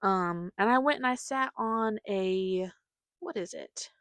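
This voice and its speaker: A woman's voice: medium pitch, slow pace, a bit bright, no echo. A woman hosting a podcast, telling a rambling, chatty story and acting out what her family said. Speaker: podcast host. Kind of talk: casual storytelling monologue.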